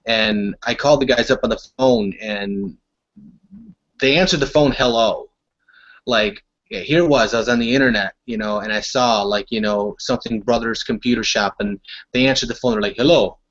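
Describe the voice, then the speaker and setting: A man's voice: on the low side, fairly quick, fairly bright tone. Young guy rambling through a story on a podcast, keeps restarting, muffled lo-fi audio. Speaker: podcast guest. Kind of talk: casual podcast chat. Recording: dull lo-fi audio.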